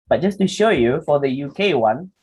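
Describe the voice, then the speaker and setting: A man's voice: on the high side, moderate pace, breathy edge, low-quality recording. A young man giving a public speaking lesson, acting out example sentences with exaggerated intonation. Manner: animated, acts out example lines with exaggerated intonation. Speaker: public speaking workshop presenter. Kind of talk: lecture to students.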